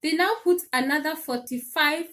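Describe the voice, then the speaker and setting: A woman hosting a casual livestream, telling an animated story with laughs and repeated phrases. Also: high voice, moderate pace. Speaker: live stream host. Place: home in Sweden.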